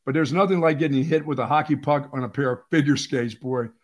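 A man from Pennsylvania co-hosting a sports radio show, telling stories in an animated, emphatic way with lots of repeated phrases. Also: medium pitch, fast. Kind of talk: casual sports talk.

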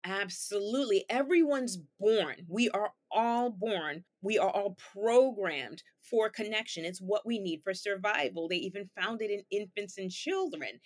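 A woman therapist talking as a podcast guest at a middle pitch. She explains patiently, working through everyday examples and asking herself rhetorical questions as she goes. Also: a little slow, few pauses. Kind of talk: explanatory interview talk.

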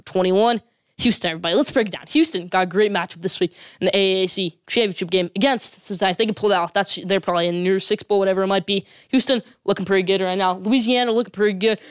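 A woman's voice: medium pitch, racing, clear, resonant tone, no echo, clean studio sound. A woman giving opinionated college football commentary as a sports vlogger, emphatic and repeating her points for effect.

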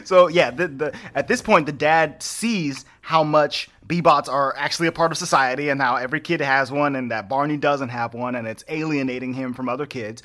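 Guy podcast host, bright forceful voice, fast excited movie recap w lots of laughs. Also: mid-range voice. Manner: animated storyteller, laughs often, acts out characters. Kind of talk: casual chat recapping a film.

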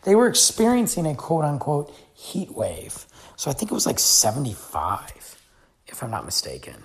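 A man hosting a podcast, telling a travel story in a chatty, animated way. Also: a little high, normal speed, slightly rough. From United States. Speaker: podcast host. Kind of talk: casual storytelling.

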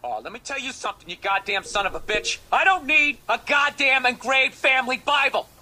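An actor voicing a furious middle-aged cartoon father who shouts and curses into the phone. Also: very high-pitched, lively intonation, fairly quick, heavily acted. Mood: enraged. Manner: shouting, cursing, explosive temper. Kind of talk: animated sitcom clip.

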